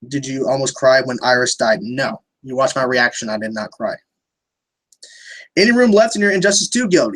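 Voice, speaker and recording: A man's voice: fairly high pitch, lively intonation, fairly quick, a bit bright. A young man hosting a casual livestream, answering viewer questions in a rambling way, restarting sentences and swearing freely.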